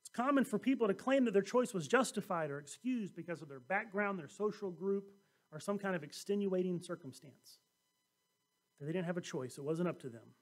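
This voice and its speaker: High-voiced pastor preaching with animated storytelling. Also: male voice, a little fast. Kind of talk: sermon.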